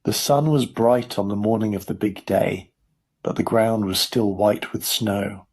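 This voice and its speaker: A man narrating a children's story for English learners in a clear, measured storytelling voice. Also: fairly low pitch, steady tone, a little mellow. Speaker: audiobook narrator.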